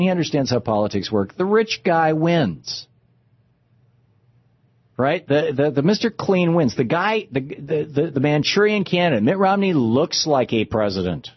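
A man's voice: mid-range voice, slightly rough, no echo, highs cut off. A man hosting a political talk show, ranting with sarcastic indignation. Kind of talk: political commentary rant.

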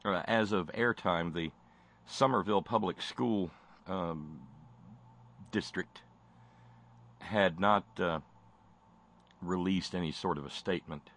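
A man's voice: low voice, slow, long pauses, fairly bright tone. A man hosting a talk show, delivering sarcastic, impassioned commentary with frequent stammered restarts.

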